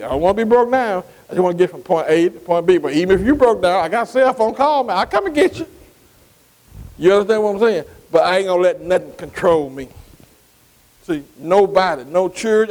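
High-voiced preacher with emphatic cadence. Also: male voice, darkish tone. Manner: emphatic call-and-response, repeating "see" and "amen"; drawn-out, stressed scripture phrases. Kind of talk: sermon. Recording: long hall reverb.

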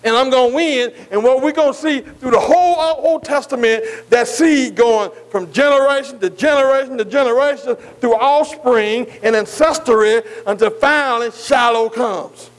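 A man preaching a sermon, who keeps asking his listeners "am I right?" and slowly spells out key words letter by letter. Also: very high voice, rough recording. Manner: asks the congregation "am I right?" again and again.

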